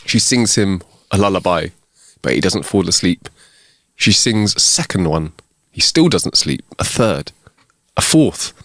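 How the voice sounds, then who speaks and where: A man co-hosting a comedy podcast, telling jokes with unhurried setups. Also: low voice, lively intonation, fairly bright tone, no echo, studio quality. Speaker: podcast co-host. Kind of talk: casual chat, telling jokes.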